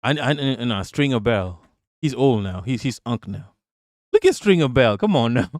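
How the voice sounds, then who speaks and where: A man doing loose political talk on a live stream and reading out chat as he goes. He is blunt and profane, and he laughs often and repeats himself. His voice sits at a middle pitch and sounds dry and close to the mic. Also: very animated, normal speed, a little mellow, no echo.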